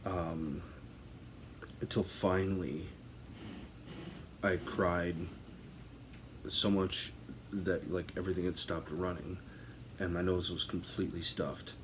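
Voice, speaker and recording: A man's voice: low-pitched, steady tone, takes it slowly, long pauses, noisy background. A man casually telling a comic story on a podcast, rambling through lots of fillers and breaking into laughter. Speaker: podcast host.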